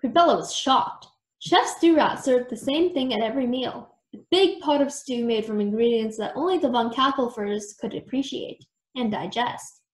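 A woman reading a children's book aloud with expressive storybook narration. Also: on the high side, normal speed, reverberant. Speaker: storytime reader.

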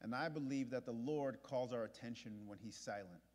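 A male pastor preaching a sermon in a large church auditorium, repeating his points and moving from hushed to loud. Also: mid-range voice, moderate pace. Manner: impassioned, repetitive preaching that swings from hushed to loud. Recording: long hall reverb.

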